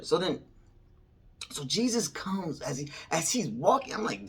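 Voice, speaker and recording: A man telling a personal story in casual slang, swinging from loud excitement to hushed whispers. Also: fairly high pitch, normal speed, breathy edge. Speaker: storyteller recounting a vision.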